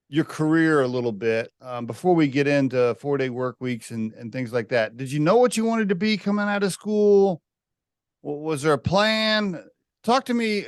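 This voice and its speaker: A man in his forties hosts a relaxed podcast conversation, chatty and laughing easily as he asks questions. His voice is smooth and resonant, and the recording is very dry, with no room sound. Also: on the high side, no echo. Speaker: podcast host. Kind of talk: casual interview chat.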